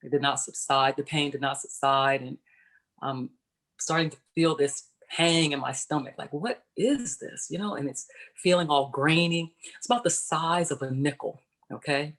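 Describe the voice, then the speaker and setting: A former pro basketball player, a woman in her forties, recounts her personal story as a panelist on a video-call panel. Low and steady with a slightly bright edge, her voice runs at normal speed while she explains things casually and tosses in "right?" to check in.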